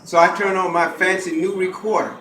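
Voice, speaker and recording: Middle-aged guy lecturing a crowd, high bright voice, echoey hall with faint hum. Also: brisk. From Gullah Geechee coast of the US. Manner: animated, leads call-and-response. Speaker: lecturer and author. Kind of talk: lecture to a live audience. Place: college hall, indoors.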